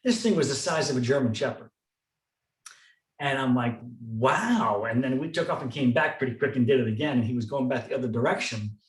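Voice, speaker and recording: A man's voice: medium pitch, expressive, fairly quick. A man co-hosting a podcast, telling stories in a dry, matter-of-fact conversational way. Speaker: podcast co-host. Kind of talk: casual conversational chat. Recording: roomy sound, distant from the mic.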